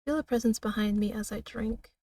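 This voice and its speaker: A woman streamer reads a narrative game aloud in a slow, dramatic way, often breaking off for laughs and asides. Her voice sits fairly high and sounds mellow and soft-edged. She sounds set back from the microphone. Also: dry recording, recorded from a distance.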